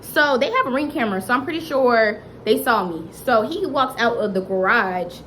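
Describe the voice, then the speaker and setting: A young woman tells a dramatic personal story to her viewers in a casual, animated way. Her voice sits fairly high, and she keeps talking straight to the audience as she builds the tale. A faint hiss runs under the recording. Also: moderate pace, poor audio. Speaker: vlogger. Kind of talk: storytime vlog.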